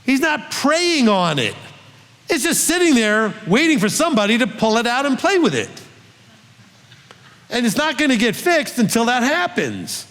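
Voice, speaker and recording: Earnest high-voiced man teaching in a reverberant hall. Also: very animated, normal speed, a bit bright. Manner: earnest, coaxing, checks in often with the listeners. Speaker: rabbi teaching a congregation. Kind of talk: conversational Bible teaching.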